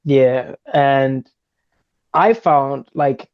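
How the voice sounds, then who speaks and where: Animated man host on a dull recording. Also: medium pitch, very slow, smooth. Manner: animated, enthusiastic, laughing. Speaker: podcast host. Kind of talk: casual interview chat.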